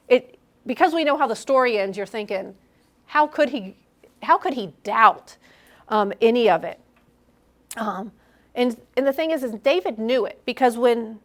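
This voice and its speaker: Speaking to a young adults group, a middle-aged woman delivers a sermon in a candid, conversational way, her voice a bit high for a woman. Now and then she acts out little versions of her own inner voice.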